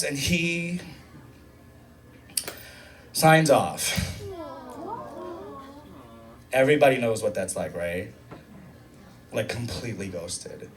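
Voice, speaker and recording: A man in his thirties doing a chatty, self-mocking stand-up set, jumping into high squealing impressions. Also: unhurried, pauses often, recorded from a distance. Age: 30s. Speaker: stand-up comedian. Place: comedy club stage. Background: audience laughter.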